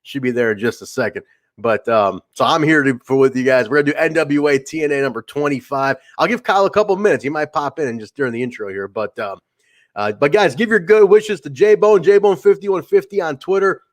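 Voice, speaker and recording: Guy hosting a podcast solo, kinda high voice, rambles a lot and restarts sentences. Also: brisk. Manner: rambling, lots of fillers and restarts; acts out other people's lines in an anecdote. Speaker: podcast host. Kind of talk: casual solo podcast chat.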